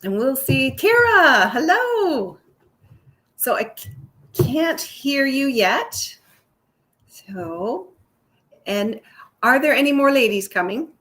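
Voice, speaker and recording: A woman's voice: high-pitched, sing-song, slow pace, long pauses, a bit bright. A woman hosting a casual live-stream chat, bubbly and effusive, laughing often. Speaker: host.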